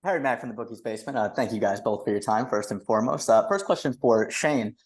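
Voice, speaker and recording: A man, a reporter on a press call, asks his questions politely and fills pauses with hesitations. He talks quickly at a middling pitch.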